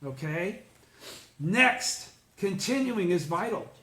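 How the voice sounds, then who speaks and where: A man's voice: high-pitched, sing-song, slow, bright, forceful tone. Man leading a study talk, roomy echo. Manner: explains a text, checks in with listeners; blunt, swears casually. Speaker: study group leader. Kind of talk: informal religious study talk.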